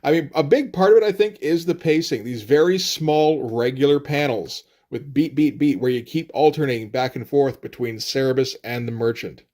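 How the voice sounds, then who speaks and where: A man giving casual commentary on comic book pages, at an ordinary pitch for a man. He is laid back and profane, and fills his talk with "uh" and "like.". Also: moderate pace, hardly any pauses, darkish tone. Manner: casual and profane, often says "uh" and "like".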